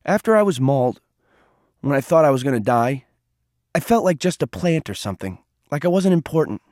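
A frightened, defensive teenage boy, his voice pitched up and wavering, as a male narrator puts him on. He speaks with trembling emotion in a dry, close storybook reading. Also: sing-song, a little fast, a little mellow, no room sound. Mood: pained.

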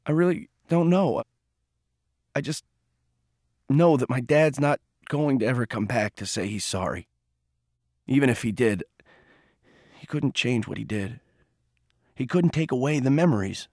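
A man's voice: medium pitch, lively intonation, a little slow, pauses often, a little mellow, no room sound. A man voicing a troubled teenage boy whose voice trembles with emotion, heard as a dry audiobook reading. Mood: pained.

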